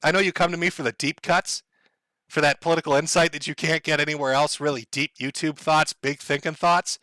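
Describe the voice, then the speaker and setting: A man's voice: fairly high pitch, fairly even intonation, brisk, sharp tone, dry recording. Sardonic, profane male stream host. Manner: sardonic, profane, laughs often. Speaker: livestream host. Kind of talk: casual livestream rant.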